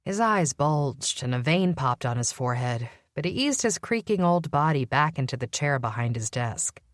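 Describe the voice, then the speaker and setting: A woman reading a first-person audiobook, measured and wry. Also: a bass voice, lively intonation, no echo, studio quality. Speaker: audiobook narrator.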